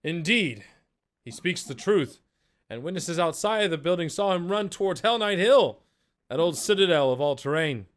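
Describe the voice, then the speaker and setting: A man's voice: on the high side, lively intonation, moderate pace, voice pushed up, lightly acted. A man voicing a second town guard in a put-on accent, earnest and emphatic.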